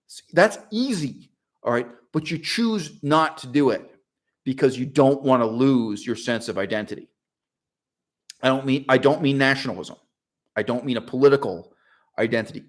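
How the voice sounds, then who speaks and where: A middle-aged man holds forth in a casual monologue at an ordinary pitch. His talk is animated and opinionated. He speeds up in bursts, throws in fillers and breaks into short laughs. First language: English. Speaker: channel host.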